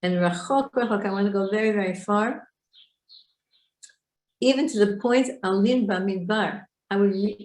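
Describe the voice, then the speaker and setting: A woman leads an online Torah class, unpacking Hebrew words and putting questions to her students. Her voice sits at a middle pitch. The recording rings with room echo. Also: darkish tone. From Israel. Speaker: Torah teacher. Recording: echoey room.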